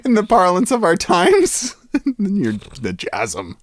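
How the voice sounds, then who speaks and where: A man's voice: high voice, huge pitch swings, takes it slowly, no echo. Giggly man with a wildly swooping voice. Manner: giggly, teasing, laughs often. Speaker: podcast co-host. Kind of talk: casual comedic chat.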